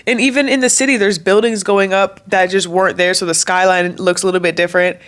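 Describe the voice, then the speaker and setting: A woman's voice: medium pitch, fairly even intonation, fast talker. A young woman talking candidly to camera in a vlog, emotional and chatty, her voice close to cracking. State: voice cracking, near tears. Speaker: vlogger. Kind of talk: casual talk to camera.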